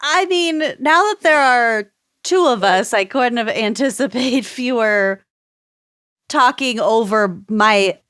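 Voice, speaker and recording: A woman's voice: on the high side, slow, fairly bright tone, clear, resonant tone, dry recording, clean studio sound. A woman co-hosting a podcast in casual chat, giggly and wry. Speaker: podcast co-host.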